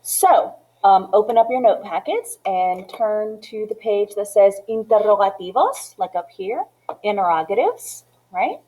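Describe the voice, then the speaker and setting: This Spanish lesson walkthrough comes from a woman with a medium-pitched, dark-toned voice, lively intonation and a measured pace. She explains each step, mixes in Spanish phrases with her English, and keeps checking "okay?" and "right?", though the audio is poor with slight background noise.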